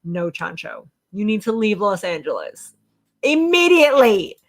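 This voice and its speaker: A woman's voice: medium pitch, sing-song, a little slow. Blunt, foul-mouthed woman co-hosting a livestream. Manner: blunt, swears freely, reads chat comments aloud. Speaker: livestream co-host. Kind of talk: casual livestream chat.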